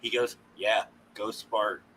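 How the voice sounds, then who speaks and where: A man, a paranormal consultant guest, telling animated stories in casual podcast chat and laughing often. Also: on the low side, slow pace, slight background noise, rough recording.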